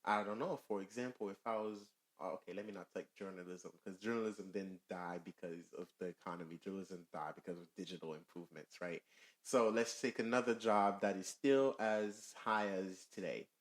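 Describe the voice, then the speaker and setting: A man co-hosting a casual podcast, explaining his point with fillers and pauses to find words. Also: low voice, steady tone. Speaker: podcast co-host.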